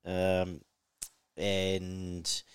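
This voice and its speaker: A man hosting a casual interview, asking relaxed, rambling questions. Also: low voice, drawn-out words, clear, resonant tone, no room sound. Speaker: podcast host.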